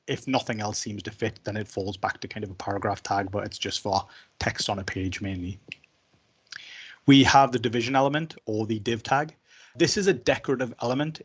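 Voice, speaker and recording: A man teaching a coding session in a casual, conversational way with some fillers. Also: mid-range voice. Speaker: coding instructor. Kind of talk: explaining web basics.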